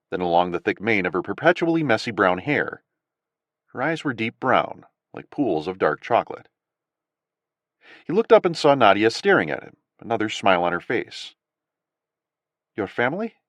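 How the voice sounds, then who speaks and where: A man narrating an audiobook in an expressive, varied storytelling manner. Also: on the low side, no room sound. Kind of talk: scripted narration.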